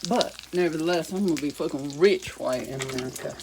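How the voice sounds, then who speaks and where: A woman's voice: sits low, fairly quick, very noisy. An older woman vlogging from her home kitchen while she cooks. She rambles candidly and swears a lot. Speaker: cooking vlogger. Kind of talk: casual rambling monologue while cooking. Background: sizzling frying pan.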